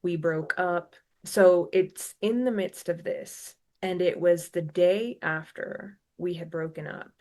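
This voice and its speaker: A woman's voice: fairly low pitch, takes it slowly, hardly any pauses, darkish tone. A woman in her thirties telling a painful personal story as a podcast host, reflective and emotional, at times tearful. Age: 30s. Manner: reflective, emotional, repeats phrases.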